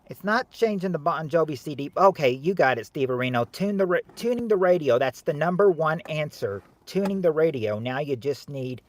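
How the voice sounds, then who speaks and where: A man hosting a game show game on a livestream, joking with viewers in chat and loudly repeating the answers. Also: on the high side, lively intonation, moderate pace, hardly any pauses. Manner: jokey and teasing, calls out answers loudly and repeats them. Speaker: livestream host running a family game show game. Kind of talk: casual livestream chat, reading viewers' guesses.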